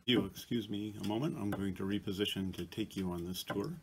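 A man's voice: sits low, steady tone, brisk, noisy background. A man making a casual vlog from a basement back bedroom, talking plainly to the camera into a small tabletop microphone with dry, self-deprecating humor. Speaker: vlogger. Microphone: small tabletop mic on a tripod.

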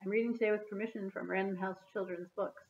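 A woman teacher reading a chapter book aloud to young children, gently stopping to ask them questions and explain. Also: mid-range voice, fairly even intonation, quick pace, muffled recording. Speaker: kindergarten teacher. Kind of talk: storytime read-aloud.

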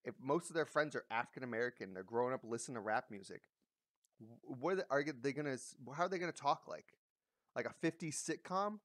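A man's voice: mid-range voice, a bit bright, no room sound. Blunt male commentator, profane and rambling, dead-dry recording. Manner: blunt, profane, full of fillers and restarts. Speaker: commentary vlogger. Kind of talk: casual ranting commentary.

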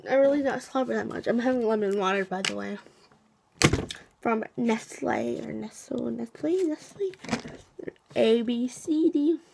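A teenage girl chatting to her camera with a numb mouth, a bit slurred and full of fillers. Her voice sits somewhat high with a gravelly fry running through it, over a faint hiss of background noise. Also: moderate pace. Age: teens. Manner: rambling, lots of fillers, counting aloud. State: mouth numb from dentist anesthetic. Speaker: vlogger. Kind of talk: casual vlog to camera.

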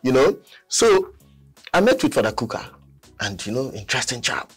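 A man tells a story in casual conversation, his husky voice swinging widely in pitch as he acts out what others said. Faint music plays in the background. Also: moderate pace. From Nigeria. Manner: animated, laughs often, acts out quotes. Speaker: guest artist.

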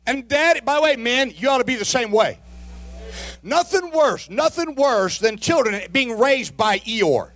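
A middle-aged male pastor preaching a sermon with emphatic delivery, moving between quiet asides and shouted exhortations, with folksy humor and repeated rhetorical questions. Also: very high-pitched, lively intonation, measured pace.

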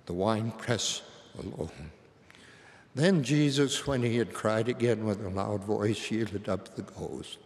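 An older man gives a sermon with slow, solemn reverence and a fairly low voice. His words carry a long reverb from a large hall. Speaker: church leader.

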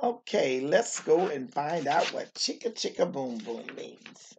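A woman's voice: deep voice, expressive, a little slow, a little mellow, a little hiss or hum. A woman teacher reading a picture book aloud to young children, stopping often to exclaim and to ask them questions.

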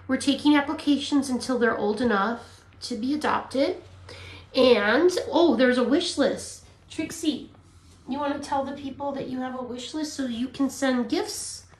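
Cooing woman in an echoey room. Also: a little high. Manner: cooing baby talk to the dogs. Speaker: dog rescue volunteer. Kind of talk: casual vlog filming puppies. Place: indoor room with dogs. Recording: echoey room, faint background noise.

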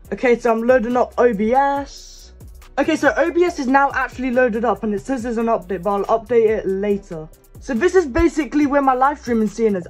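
A young man in his teens, chatting casually as he shows off his gaming setup at his desk. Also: very high voice. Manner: chatty, showing things off as he goes. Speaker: gaming YouTuber. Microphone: desk microphone.

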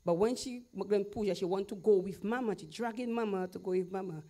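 Brief: middle-aged Dominican woman, lively testimony, mid-pitched, acts out voices, laughs a lot. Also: brisk. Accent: Dominican Creole English. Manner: lively storytelling, acting out quoted voices, laughing often. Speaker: testifying guest. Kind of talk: animated personal testimony.

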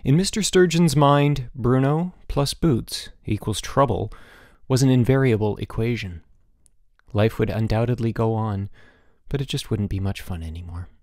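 A man reading a children's novel aloud as an audiobook narrator, expressive and giving each character a voice. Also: medium pitch, moderate pace, dry recording, studio quality. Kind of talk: scripted narration.

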